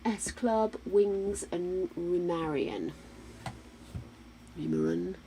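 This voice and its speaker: A woman's voice: lowish voice, sing-song, drawn-out words, warm tone, a little hiss or hum, rough recording. A woman from the UK chatting casually as a live streamer, muttering to herself while she plays a game. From United Kingdom. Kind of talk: casual gameplay chat.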